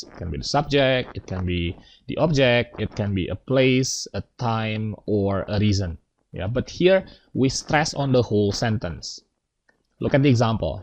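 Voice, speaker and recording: A man's voice: medium pitch, sing-song, normal speed, a little mellow, rough recording. A man teaching an English grammar lesson, explaining step by step and checking in with his students.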